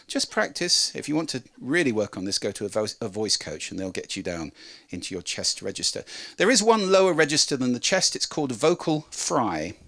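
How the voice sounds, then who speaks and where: A man presenting a talk on how to speak, demonstrating with lively changes of pitch and volume. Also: fairly quick. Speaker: speaker on voice and communication.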